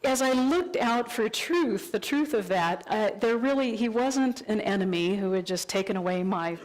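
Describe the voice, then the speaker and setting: A woman minister giving a sermon in a church, telling stories and acting out her own thoughts in lively voices. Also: mid-range voice, moderate pace, low-quality recording. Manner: animated storytelling, acts out her own inner voice. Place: church sanctuary.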